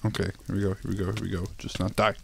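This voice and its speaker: A man's voice: sits low, level tone, rapid-fire, vocal fry, slight background noise. A young man commenting on his own gameplay, laughing often, swearing and pleading with the game. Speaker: gaming YouTuber. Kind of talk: let's play commentary.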